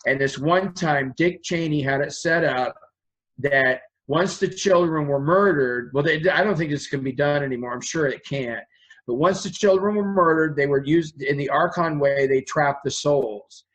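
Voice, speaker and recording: Earnest man with a slightly high voice. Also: normal speed, fairly bright tone, poor audio. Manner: earnest, rambling, acts out quoted dialogue. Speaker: interview guest. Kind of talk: conversational storytelling.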